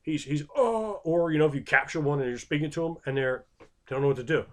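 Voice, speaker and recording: A man talking casually as a game master giving advice, animated and loose, with sound-effect words. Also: mid-range voice. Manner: animated and conversational, acts out quick voices for players. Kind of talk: casual unscripted advice monologue.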